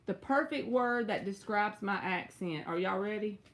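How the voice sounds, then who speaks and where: A young woman with a Southern US accent reads tarot on a casual live stream. She chats with viewers, drawls and stretches out her words, and jumps suddenly high. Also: lively intonation, normal speed, slight background noise. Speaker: tarot reader.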